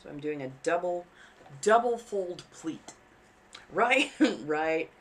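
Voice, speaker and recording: A woman's voice: on the low side, animated, takes it slowly, a little hiss or hum. A woman chatting casually on a live stream while she sews, rambling and frank, swearing freely and laughing at herself. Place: home apartment.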